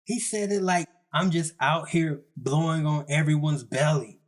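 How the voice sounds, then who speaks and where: A man's voice: a little high, a little slow. Casual, slangy man telling a comic story. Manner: casual, slangy, self-mocking. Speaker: storyteller narrator. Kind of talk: comedic story narration.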